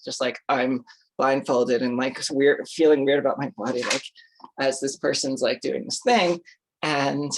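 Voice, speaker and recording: An adult speaking in a loose, rambling vlog style, circling back with plenty of filler words. The talk is salty with casual swearing. Their own remembered reactions get acted out as quick little asides, with a mid-range voice. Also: medium pitch, breathy edge. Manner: chatty, lots of fillers, swears freely, acts out its own reactions. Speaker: vlogger.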